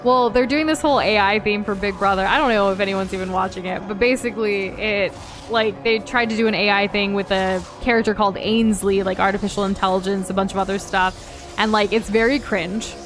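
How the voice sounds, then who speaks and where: With music playing underneath, a woman with a mid-range voice chats briskly and in a steady tone while co-hosting a gaming stream. She greets viewers casually, peppering her speech with likes and ums and giggling often.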